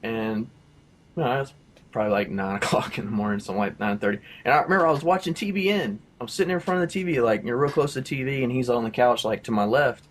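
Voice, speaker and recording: A man sharing a faith testimony in casual talk, rambling with lots of fillers and his voice jumping high and loud at the exciting parts. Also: fast. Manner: rambling storyteller, many fillers like "you know" and "like".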